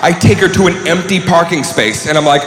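Male stand-up shouting in a roomy club. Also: a little high, a little fast, noisy background. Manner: loud, swaggering, acts out scenes with shouted voices. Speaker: stand-up comedian. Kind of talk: stand-up comedy set. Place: comedy club on stage. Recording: roomy live club recording with crowd.

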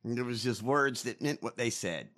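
A man's voice: medium pitch, animated, moderate pace, a bit bright. A man co-hosting a podcast, ranting and mocking in casual, profane talk. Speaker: podcast co-host. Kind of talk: casual chat.

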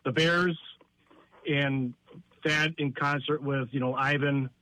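A man's voice: medium pitch, fairly even intonation, slow pace, pushed and bright, low-quality recording. A man calling into a sports radio show, rambling with wry asides and analogies. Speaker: caller. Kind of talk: casual call-in chat.

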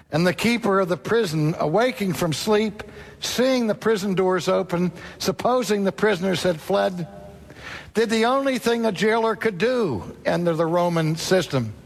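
A man's voice: high-pitched, vocal fry. A man preaching a sermon, telling a story dramatically and acting out the voices in it.

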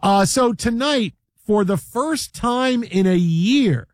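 Joking high-voiced male sports host. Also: slow pace, no echo. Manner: animated, joking, repeats words. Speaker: sports talk show host. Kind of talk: casual sports chat.

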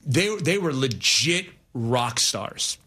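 A man's voice: mid-range voice, animated, slow, pushed and bright, slightly rough. A man in his forties co-hosting a casual chat in a conversational, reflective way. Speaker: co-host.

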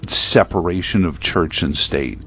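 A man's voice: sits low, measured pace, pushed and bright, slightly rough. A man hosting a talk radio show, chatting casually in a rambling, opinionated way full of fillers. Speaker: radio host. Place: broadcast booth at a prayer meeting venue.

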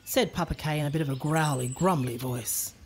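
A woman reading a children's storybook aloud in an expressive, playful way. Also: deep voice, fairly quick, very noisy.

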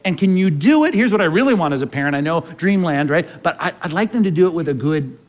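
A man's voice: a little high, lively intonation, quick pace. A male pastor preaching a sermon in a conversational way, full of rhetorical questions.

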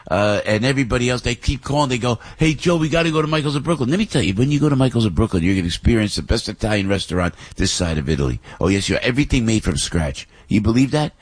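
A man hosting a morning radio talk show, rambling and excitable as he reads a live ad and introduces a guest. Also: on the low side, breathy edge. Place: radio studio.

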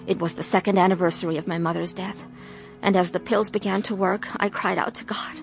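A woman's voice: fairly low pitch, steady tone, fairly quick, gravelly, faint music behind. A middle-aged woman narrating a dramatized testimony, earnest. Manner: earnest, confessional. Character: troubled middle-aged wife telling her story, woman. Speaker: narrator and main character.

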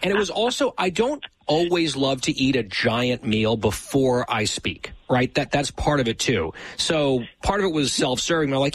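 A man with a slightly husky voice hosts a casual conversation and tells his stories in a wry, teasing way. The sound is dry and close, with no room around it. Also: medium pitch, sing-song, normal speed, few pauses, a bit bright, no room sound, rough recording. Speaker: show host. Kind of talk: casual chat.

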